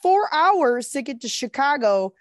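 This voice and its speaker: A woman's voice: high-pitched, big pitch swings, a little slow, no room sound, studio quality. A woman co-hosting a podcast, reacting with jokes and casual swearing. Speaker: podcast co-host. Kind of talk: casual chat.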